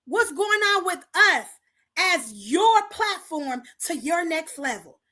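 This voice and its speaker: High, bright-voiced woman rallying her community. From Paterson, New Jersey. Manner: preachy call-and-response, rallying the audience; talks straight to the viewers, repeating lines for emphasis. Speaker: host of a community talk show. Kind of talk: impassioned community address.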